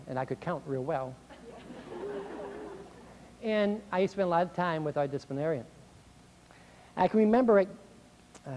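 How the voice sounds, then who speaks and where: A man's voice: on the high side, slight background noise. A middle-aged man giving a motivational speech to school staff, acting out complaints in a raised voice. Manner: animated, acts out complaints in a raised voice. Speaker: speaker. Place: speech hall, recorded 1990.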